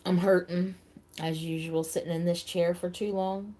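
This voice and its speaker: A woman hosting a casual live stream, chatting with viewers by name and thinking out loud. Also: on the low side, flat delivery, normal speed. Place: seated at home in a wheelchair.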